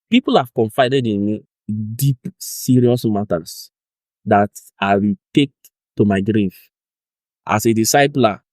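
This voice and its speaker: A young Nigerian man with a mid-range voice gives an informal teaching on discipleship, with no room sound. He's animated, acting out conversations in pidgin and laughing along the way.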